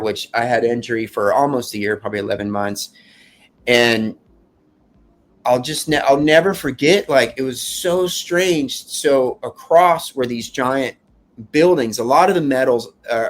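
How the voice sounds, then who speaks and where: In a mid-range voice, a man tells his own emotional story of living through a fire, his earnest delivery halting and full of restarts.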